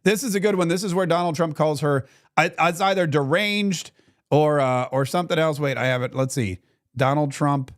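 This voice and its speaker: A man's voice: on the high side, moderate pace. A man hosting a talk show, opinionated and mocking, fumbling with clips on air. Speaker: radio talk show host.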